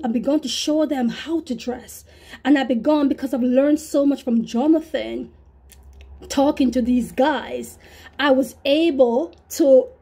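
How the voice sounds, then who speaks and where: Earnest woman preacher, husky voice, mellow tone, repetitive testimony. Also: high voice. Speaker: preacher recounting a vision. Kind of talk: testimony to camera.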